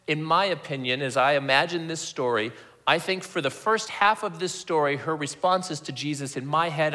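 A man's voice: on the high side, pushed and bright. A man preaching a conversational sermon that reads scripture and acts out its dialogue, often repeating words as he restarts a thought. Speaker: pastor.

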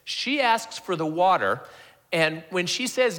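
A man's voice: high-pitched, big pitch swings, a little slow, fairly bright tone. A man preaching a conversational sermon that reads scripture and acts out its dialogue, often repeating words as he restarts a thought. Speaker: pastor.

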